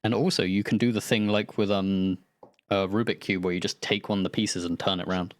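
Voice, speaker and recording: A man's voice: on the low side, steady tone, a little fast, no echo, clean studio sound. A man running a tabletop game, chatting loosely after the session, swearing and laughing as he goes. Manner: loose and rambling, swears, laughs mid-sentence. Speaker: game master. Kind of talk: casual post-session chat.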